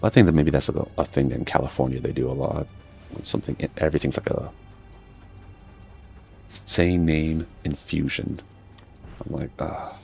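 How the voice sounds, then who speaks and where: A man's voice: extremely low pitch, fairly even intonation, moderate pace, creaky, long pauses, a little mellow, soft background music. A man telling stories in a laid-back, casual chat while playing a game, swearing and laughing often. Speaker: gaming streamer.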